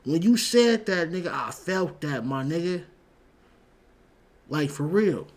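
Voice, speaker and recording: Husky-voiced man ranting as a show host. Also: fairly high pitch, lively intonation, slow. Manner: blunt, profane, heated, with frequent repeats. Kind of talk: casual commentary rant.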